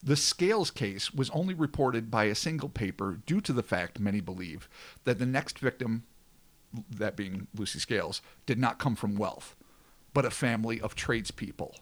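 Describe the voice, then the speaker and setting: A man's voice: fairly low pitch, lively intonation, moderate pace. A man hosting a podcast, reading a scripted history segment with dramatic flair between crude joking banter. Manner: dramatic narration with swearing banter.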